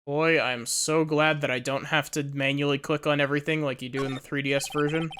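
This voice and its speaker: A woman's voice: low-pitched, flat delivery, fairly quick, hardly any pauses, a bit bright, a little hiss or hum. A woman streamer making chatty, rambling asides while playing a game. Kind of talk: casual let's-play commentary. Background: game music.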